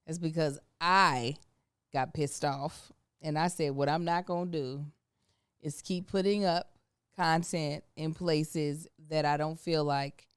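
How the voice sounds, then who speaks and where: A podcast co-host speaks candidly in a casual chat, telling stories with animated, slangy energy at an unhurried pace. Her voice is low, smooth and resonant. The studio mic captures her dry and up close.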